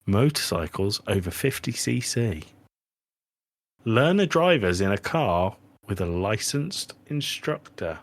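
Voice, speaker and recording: A man co-hosting a podcast, bantering with friends in an animated, teasing way and swearing freely. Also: on the low side, slow pace, dry recording. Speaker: podcast co-host. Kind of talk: casual banter.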